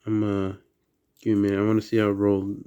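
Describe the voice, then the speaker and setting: A man with a slight Southern accent, chatting quietly through a toy unboxing at home late at night, keeping his voice down. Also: lowish voice, monotone, fast talker, clean tone, highs cut off. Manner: soft, hushed indoor voice. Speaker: toy collector vlogger. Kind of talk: casual unboxing chat.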